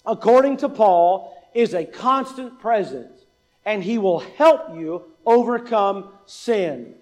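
A man with a very high voice delivers a sermon as pastor. He drives points home with repetition and rhetorical questions, and tells stories in a conversational way. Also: a little mellow. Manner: emphatic, rhetorical questions, repeats key points.

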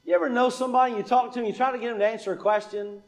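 High-voiced man preaching a sermon. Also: steady tone, very fast. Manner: asks the congregation questions and answers them; repeats lines for emphasis.

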